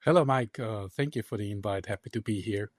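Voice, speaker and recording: A man's voice: on the low side, a little fast, no room sound, studio quality. A man from Austria, a native German speaker with an Austrian accent, telling friendly anecdotes as a podcast guest. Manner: friendly, self-deprecating, anecdotal. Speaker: guest, consultant. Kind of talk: casual interview chat.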